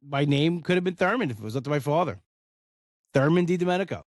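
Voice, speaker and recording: A man's voice: a little high, expressive, racing, no echo, clean studio sound. A man, hosting a casual solo podcast, talking in a rambling, heartfelt way with many "you know" fillers. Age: 40s. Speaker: podcast host.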